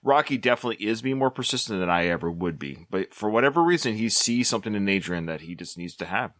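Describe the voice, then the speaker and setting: A man's voice: lowish voice, fast talker, no room sound, studio quality. A middle-aged man co-hosting a podcast, talking through a film in an earnest, musing way. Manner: earnest, musing, lively quotes of characters. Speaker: podcast co-host. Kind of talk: casual film discussion.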